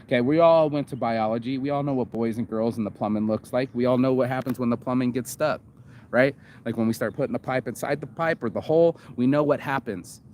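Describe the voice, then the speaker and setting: A man's voice: mid-range voice, a little fast, darkish tone, slight background noise. Rambling, profane man talking off the cuff. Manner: rambling and profane, many fillers and restarts. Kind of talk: casual monologue reacting to a video.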